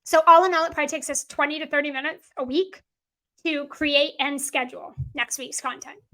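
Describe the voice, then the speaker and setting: A woman's voice: high-pitched, fairly even intonation, fairly quick, fairly bright tone. A woman business coach teaching a masterclass in an emphatic, repetitive way, often acting out what clients say to her.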